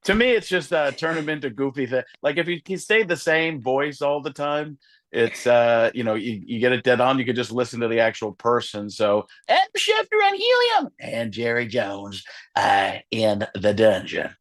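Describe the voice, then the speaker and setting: A man's voice: medium pitch, big pitch swings, moderate pace, fairly bright tone, no echo, studio quality. A man, a comedian, chatting animatedly as an interview guest and slipping in and out of voices. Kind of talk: lively interview chat.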